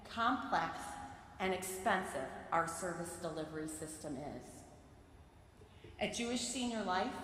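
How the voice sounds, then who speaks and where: A woman giving a sermon from the pulpit of a large synagogue sanctuary, reading prepared remarks in a measured, earnest way. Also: medium pitch, fairly bright tone, a little hiss or hum. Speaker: lay speaker giving a sermon. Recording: very echoey sanctuary with long reverb.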